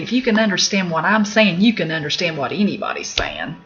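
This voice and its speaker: A middle-aged woman from Appalachian United States teaches a casual recorded lesson on medical terms, candid and chatty, laughing at her own jokes. Her fairly low, sing-song voice is a bit bright and brisk, with hardly any pauses. The lo-fi recording sounds slightly dull, with faint background noise.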